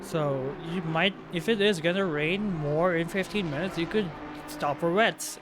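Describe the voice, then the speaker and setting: A man co-commentating a sim race, excitable and amused. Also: on the high side, a little slow, music in the background. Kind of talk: casual sim racing commentary.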